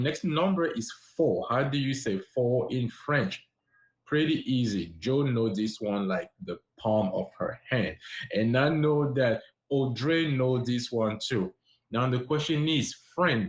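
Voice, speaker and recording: Slow, patient man teaching French. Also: medium pitch, echoey room. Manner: patient, encouraging, repeats words slowly. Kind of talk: live-streamed language lesson. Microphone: live-stream app.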